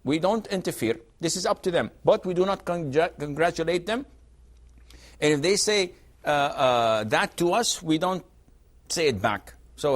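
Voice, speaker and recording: A man's voice: fairly high pitch, a little slow. A man answering viewers' religious questions on a call-in TV show, speaking emphatically and acting out quoted exchanges. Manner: lively, emphatic, acts out quoted dialogue.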